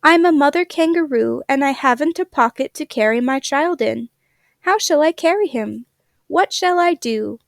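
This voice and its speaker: A pleading, tearful young mother kangaroo from a storybook, as a woman reader puts her on, her voice lifting high and a little gravelly. She frets breathlessly over her child. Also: measured pace, no echo, clean studio sound. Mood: desperate.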